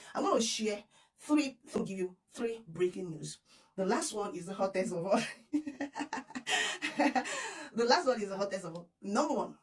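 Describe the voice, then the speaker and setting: A Nigerian woman vlogs with bubbly, giggly excitement, pressing the same appeals again and again. Her voice sits at an ordinary middle pitch for a woman. She sounds a little distant from the microphone. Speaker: vlogger. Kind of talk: excited news vlog.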